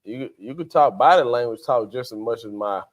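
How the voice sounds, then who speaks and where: A man's voice: mid-range voice, brisk. A man, co-hosting a faith podcast in casual chat, acting out quotes in character voices. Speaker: podcast co-host.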